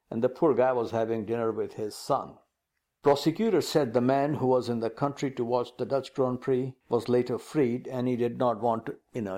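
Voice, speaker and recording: Guy cohosting a racing news podcast, bouncy delivery, keeps saying sir. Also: mid-range voice. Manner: animated, calls partner "sir". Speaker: podcast co-host. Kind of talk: casual news chat.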